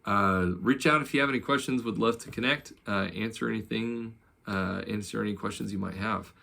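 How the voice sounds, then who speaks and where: A man who teaches psalm chanting in an unhurried, gentle way, with many ums and uhs. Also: fairly low pitch, gravelly. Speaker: church music teacher. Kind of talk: teaching psalm chanting, speaking and singing examples.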